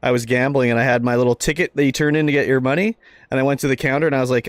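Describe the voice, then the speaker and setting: A man's voice: medium pitch, fairly even intonation, rapid-fire, no echo. Chatty Canadian man streaming a game. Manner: chatty, joking, profane asides. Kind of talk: casual game-stream commentary.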